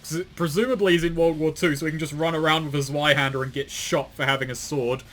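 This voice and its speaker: A man's voice: a little high, fairly even intonation, fast, a bit bright. A man co-hosting a casual commentary show, reading aloud and mocking it with sardonic asides, frequent swearing and laughter. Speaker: commentary co-host.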